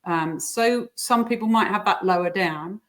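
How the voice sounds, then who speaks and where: A woman explaining coaching techniques in a casual interview, sometimes putting on squeaky voices for examples. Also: a little slow. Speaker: guest coach.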